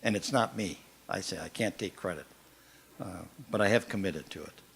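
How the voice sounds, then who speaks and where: An older man giving informal announcements at a meeting, speaking plainly with frequent pauses and fillers. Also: low-pitched, vocal fry, a bit bright, a little hiss or hum. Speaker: event organizer. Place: meeting hall.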